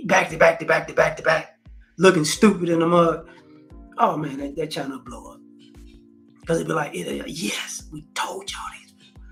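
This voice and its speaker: A man's voice: a little high, steady tone, moderate pace, gravelly, long pauses, fairly bright tone, soft background music. A man hosting a casual commentary vlog, talking in slang, repeating phrases and acting out quotes. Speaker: host.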